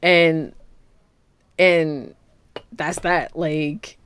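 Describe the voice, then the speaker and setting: A woman's voice: low voice, steady tone, drawn-out words, a bit bright, smooth. A woman co-hosting a podcast, rambling playfully through movie picks and laughing often. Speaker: podcast co-host. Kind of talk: casual chat.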